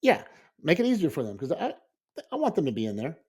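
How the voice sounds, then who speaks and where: A man in casual podcast chat, a school librarian telling an animated story and acting out his own reactions. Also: on the high side, quick pace, husky.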